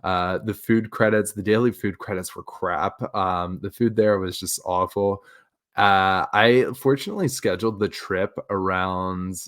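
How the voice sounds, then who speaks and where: A man in his thirties from Baltimore, telling his story casually and excitedly as he reacts to an old clip. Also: low voice, a little slow. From Baltimore, USA. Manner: excitable storyteller, jumps into loud re-enacted exclamations. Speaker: video host.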